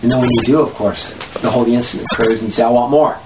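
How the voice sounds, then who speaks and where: A spiritual study group teacher giving a lesson to a group, animated, laughing often and acting out voices. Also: medium pitch, racing, reverberant, background noise.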